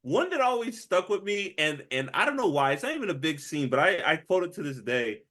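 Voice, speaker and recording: A man with a fairly high voice co-hosts a casual movie review podcast. He talks in an animated, rambling way, peppered with "like" and quick restarts. He laughs often between points. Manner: animated, laughs a lot, acts out quotes; hesitant restarts, says "like" often. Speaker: podcast co-host.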